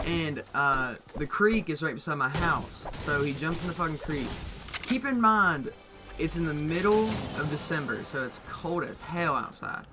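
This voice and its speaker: A young man telling a story in a casual, rambling way, swearing constantly and getting excited at the wild parts. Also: fairly high pitch, normal speed, music in the background. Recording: audible background noise.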